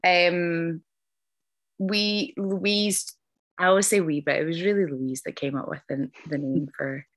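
A woman's voice: lowish voice, steady tone, unhurried. A woman hosting a podcast interview, talking earnestly and effusively with many ums and restarts. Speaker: podcast host. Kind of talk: casual interview chat.

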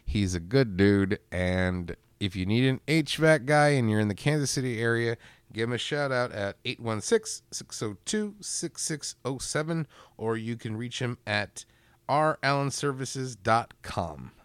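A man co-hosting a podcast, telling a story in a casual, animated way with swearing and loud cartoonish voices. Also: mid-range voice, a little slow, clean tone, dry recording. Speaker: podcast co-host. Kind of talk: casual chat.

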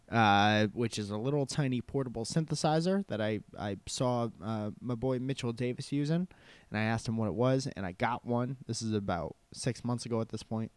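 A man's voice: medium pitch, a little mellow, smooth, no room sound. A man hosting a podcast alone, chatting casually with joking, rambling asides into a handheld recorder. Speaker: podcast host. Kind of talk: casual solo podcast chat. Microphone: handheld portable recorder.

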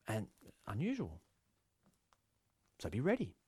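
A man's voice: lowish voice, slow pace, breathy edge, no room sound. Man, Australian accent, pastor's sermon, chatty storytelling, dry close sound. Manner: conversational, animated storytelling with many restarts.

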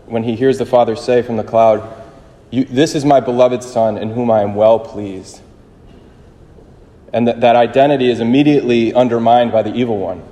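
Male preacher, mellow voice, easygoing halting sermon, long chapel reverb. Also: medium pitch. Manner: conversational, halting, with fillers and restarts. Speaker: priest.

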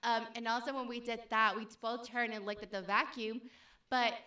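A woman's voice: on the high side, flat delivery, normal speed, bright, forceful tone. A young woman telling a story in casual chat, rambling with many fillers.

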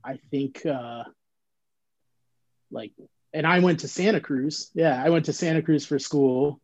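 A man's voice: fairly high pitch, a little slow, dull audio. A man reminiscing in casual chat, rambling in a laid-back way with lots of "like.". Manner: laid-back rambling storytelling, heavy use of "like". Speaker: band member recalling band history.

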